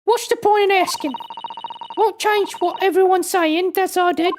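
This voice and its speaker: A woman's voice: very high voice, steady tone, normal speed, noisy background, voice pushed up. Woman doing a sulky Cockney street girl. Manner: curt, dismissive. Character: sullen young female street urchin.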